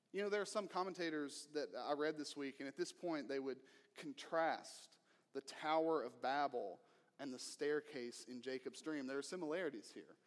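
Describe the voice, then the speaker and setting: A male pastor preaching a sermon in an earnest way, moving between emphatic lines and hushed ones. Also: fairly high pitch, in a large hall.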